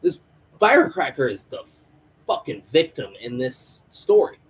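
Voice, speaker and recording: A man recapping a TV episode in a casual, animated way, swearing a lot and acting out the characters' lines. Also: mid-range voice, unhurried, slightly rough, poor audio. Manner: animated, profane storytelling with acted-out quotes. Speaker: show reviewer.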